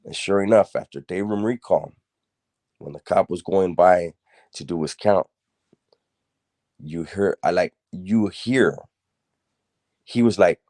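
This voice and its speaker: A man's voice: low voice, slow pace, pauses often, darkish tone, dry recording, studio quality. A middle-aged man telling a story casually, streetwise and blunt, rambling with fillers and restarts and swearing freely.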